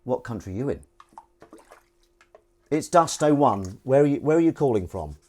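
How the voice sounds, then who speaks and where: Lively-voiced Southern English man chatting. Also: mid-range voice, moderate pace. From England. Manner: rambling, jokey, reads chat aloud. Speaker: livestream host. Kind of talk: casual chat while washing dishes. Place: kitchen at a sink. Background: running water and clinking dishes.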